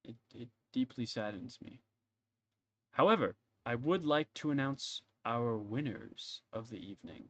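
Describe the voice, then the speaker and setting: A pompous lord addressing a crowd in a tabletop game, as a man puts him on. He talks formally and sounds tired, in a mid-pitched, dry voice. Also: lively intonation, a little slow, fairly bright tone, no room sound. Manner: formal, apologetic, weary. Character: pompous male lord giving a formal speech.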